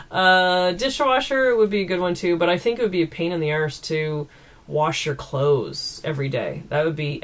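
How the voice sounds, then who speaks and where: A woman from East Coast Canada, chatting casually and giggling as she answers viewer questions at home into a camera mic. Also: low voice. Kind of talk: casual Q&A chat.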